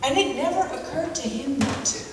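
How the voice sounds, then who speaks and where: Woman speaker, higher voice, halting storytelling style, distant mic in a reverberant hall. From United States. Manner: reflective, halting, repeats key phrases. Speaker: speaker at a forum. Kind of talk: storytelling public talk. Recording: echoey hall, mic from far off, background noise.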